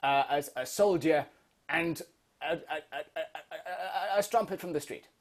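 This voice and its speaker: A man playing a rambling, heavily medicated older film director, stammering and restarting constantly in a comedy interview. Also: a little high. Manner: stammering, halting, full of restarts.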